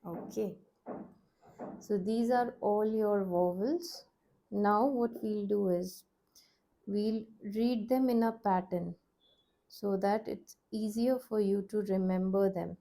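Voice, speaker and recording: A woman's voice: medium pitch, fairly even intonation, slow, mellow. A young woman teaching a language lesson, explaining how to write letters step by step and patiently repeating each sound.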